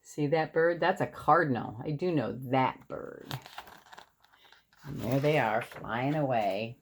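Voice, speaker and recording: A woman reading a children's picture book aloud in an expressive way, and then talking about the birds in it. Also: very deep voice, slight background noise. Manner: expressive, slow and lively.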